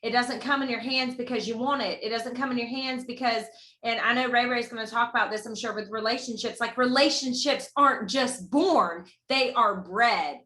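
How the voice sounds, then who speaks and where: A woman's voice: a little high, normal speed, pushed and bright, echoey room. A woman hosting a video call, giving an earnest, rallying motivational talk. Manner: earnest, rallying, repeats key phrases. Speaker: host of a sales team video call.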